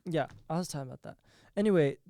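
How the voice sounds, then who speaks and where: A man's voice: fairly high pitch, lively intonation, fast talker, gravelly, warm tone, dry recording, studio quality. A young man hosting a solo podcast, talking in a rambling, profane way and laughing at his own jokes. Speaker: podcast host.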